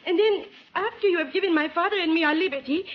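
An actress playing a distraught young woman held captive in a radio drama, with halting, formal, pleading speech. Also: extremely high pitch. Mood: bargaining. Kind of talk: 1940s radio acting. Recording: dull old radio broadcast, faint hiss.

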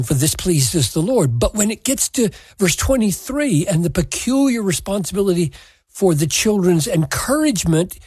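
Man, pastor, sermon, earnest, unhurried delivery, dry close sound. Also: high-pitched, a little mellow, husky, no echo. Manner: slow, earnest, emphatic scripture exposition.

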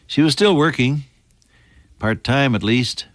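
A man preaching a sermon, earnest, building to emphatic high points and then falling soft and hushed. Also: unhurried, no room sound.

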